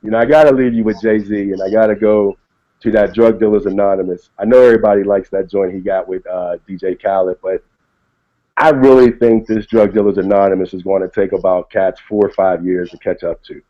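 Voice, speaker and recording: A man talking about hip hop in a relaxed way, often asking "you know what I mean". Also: lowish voice, a little fast. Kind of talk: casual chat about hip hop lyrics. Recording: dull lo-fi recording.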